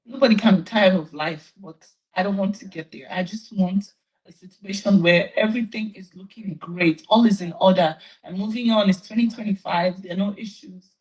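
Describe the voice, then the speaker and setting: A woman's voice: mid-range voice, moderate pace, a little mellow, husky, lo-fi sound. A woman on a live stream, tired and tearful, pleading with her fans. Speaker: livestreamer addressing fans.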